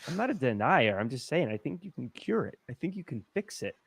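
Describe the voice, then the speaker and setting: A man's voice: medium pitch, a little fast, vocal fry. A man co-hosting a podcast in casual banter, joking around and acting out little quoted voices. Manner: jokey, acts out quotes in animated voices. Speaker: podcast co-host.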